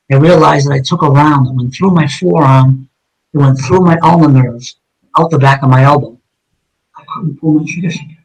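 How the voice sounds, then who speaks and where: A middle-aged man from the American Northeast speaks as an interview guest. His voice sits a little high for a man. He tells his story bluntly and intensely, swearing freely. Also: low-quality recording. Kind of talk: emotional first-person account.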